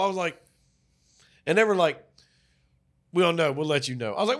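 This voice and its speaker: A man co-hosting a podcast, telling stories in a loud, profane, animated way. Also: high voice, moderate pace, pauses often. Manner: animated, profane storytelling with acted-out quotes. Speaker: podcast co-host. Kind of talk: casual chat.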